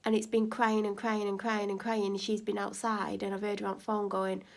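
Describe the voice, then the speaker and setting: A woman vlogging casually, retelling a neighbour dispute animatedly and getting louder at heated moments. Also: mid-range voice, normal speed, gravelly. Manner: animated, rising to near-shouting when retelling an argument. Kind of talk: casual storytelling vlog.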